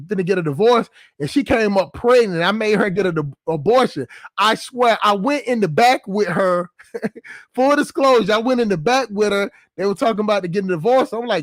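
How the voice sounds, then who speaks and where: High-voiced man telling a rambling story. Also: dry recording, clean studio sound. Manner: loose, profane, keeps checking in with the listener. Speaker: channel host. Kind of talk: casual storytelling monologue.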